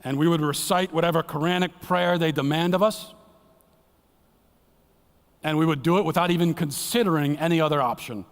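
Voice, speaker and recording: Earnest preacher with a reverberant church sound. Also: male voice, moderate pace, pauses often. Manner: earnest, dramatic, drops to a hushed low voice for emphasis. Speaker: guest speaker at church. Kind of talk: sermon. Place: church sanctuary. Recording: long church hall reverb.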